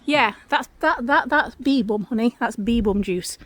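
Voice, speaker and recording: A high-pitched woman talks to her viewers in a casual home vlog. She gushes with excitement, laughs a lot and lets the odd swear slip. Her voice sits up high and bright in tone. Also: a little slow. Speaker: home and garden vlogger. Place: home hallway and garden.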